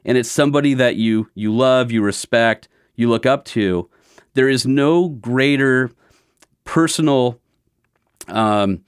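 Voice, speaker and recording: Smooth-voiced man telling a story. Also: mid-range voice, takes it slowly, no room sound, clean studio sound. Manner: animated storyteller who acts out quotes. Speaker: podcast host. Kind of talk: casual conversation.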